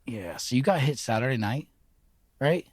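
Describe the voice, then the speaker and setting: A man's voice: mid-range voice, lively intonation, a little mellow, dry recording. Crude joking man, dry sound. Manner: crude joking, quick riffing asides. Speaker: podcast co-host. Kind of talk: casual chat.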